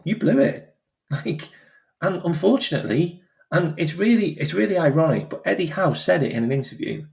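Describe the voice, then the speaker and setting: A man's voice: a little high, moderate pace, vocal fry. A man hosting his own channel, talking in a casual, emphatic way and repeating phrases for effect. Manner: animated, emphatic, repeats phrases, acts out quoted voices. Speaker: football channel host. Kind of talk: casual opinion commentary.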